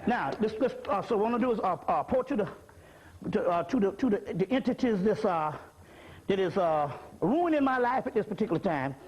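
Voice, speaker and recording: A man's voice: high voice, animated, fairly quick, darkish tone, slight background noise. A man lecturing an audience on spirituality in a profane, streetwise, comic preaching manner. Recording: dull lo-fi lecture recording.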